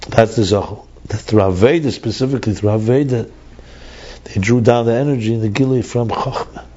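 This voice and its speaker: A man's voice: on the low side, brisk, mellow, highs cut off. A man teaching a text study class, thinking aloud and repeating words as he reads and explains.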